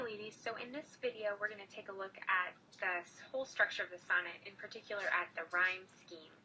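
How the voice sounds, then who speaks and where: A woman's voice: mid-range voice, bright, forceful tone, recorded from a distance, a little hiss or hum, rough recording. A woman teacher explaining a lesson step by step, talking straight to her students. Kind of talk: screen-recorded lesson.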